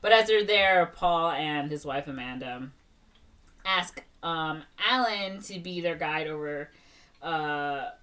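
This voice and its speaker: A woman with a lowish voice talks through a movie's plot in a loose, rambling way, full of "like" and "um". She sits a little back from the mic, so her voice sounds slightly distant. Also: slow, fairly bright tone. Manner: rambling, filler-heavy retelling with many "like" and "um". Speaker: podcast co-host. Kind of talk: casual movie recap.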